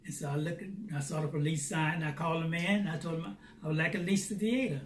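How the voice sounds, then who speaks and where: A man telling a personal faith testimony as a lively storyteller who acts out the dialogue. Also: fairly high pitch, fast. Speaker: Christian theater founder. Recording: roomy, distant mic, faint noise.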